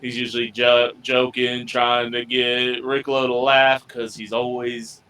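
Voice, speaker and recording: A man's voice: medium pitch, completely flat delivery, measured pace, sharp tone, rough recording. A man playing a tabletop role-playing game, drawling his way into and out of his character's voice. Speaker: tabletop player.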